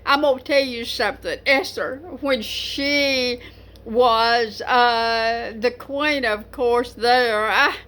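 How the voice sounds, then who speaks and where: Woman, older, poetry vlogger, slow speech, fairly high voice, rambling with fillers. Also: steady tone. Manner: rambling, warm, many fillers and restarts. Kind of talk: casual talk to camera.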